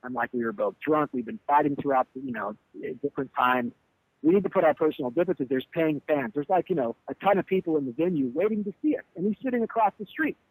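A man's voice: on the high side, fast talker, breathy edge, rough recording. A man telling a heated, profane story about a bandmate who walked out on a show, and acting out the quotes. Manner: animated, profane, acts out quotes. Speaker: band leader telling a tour story. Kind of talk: candid interview storytelling.

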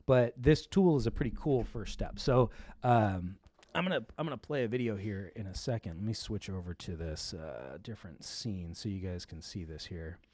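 A man's voice: lowish voice, animated, normal speed, darkish tone, no room sound. A man hosting a tech show in casual chat, rambling along with lots of fillers and restarts.

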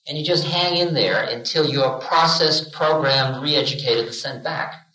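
A man's voice: medium pitch, measured pace, sharp tone, roomy sound, poor audio. A man giving a spiritual lecture to an audience, telling it as a story and acting out the voices he quotes, with humor. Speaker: spiritual teacher.

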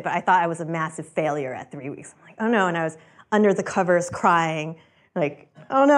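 Chatty woman telling founder stories. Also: fairly low pitch. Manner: chatty, laughs often, acts out quoted voices. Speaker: startup founder and speaker. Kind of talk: casual talk to an audience.

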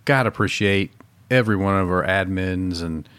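A man's voice: sits low, normal speed, a bit bright, smooth. A man from Ohio co-hosting a casual podcast, laid-back and joking with short replies. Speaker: podcast co-host.

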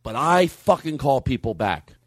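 A middle-aged man hosting a comedy podcast, ranting in an exasperated, animated way with plenty of restarts and swearing. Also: mid-range voice, normal speed, slightly rough, dry recording, clean studio sound. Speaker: podcast host.

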